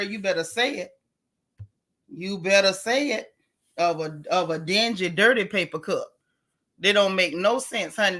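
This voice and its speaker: A woman hosting a casual gossip livestream, sassy and animated, talking straight to her chat. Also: a little high. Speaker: livestream host.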